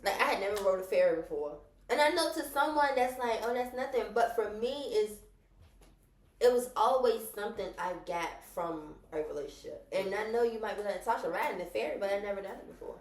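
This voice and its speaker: A woman's voice: medium pitch, expressive, a little fast, roomy sound. A woman co-hosting a casual chat podcast, blunt, sassy and defiant. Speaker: podcast co-host.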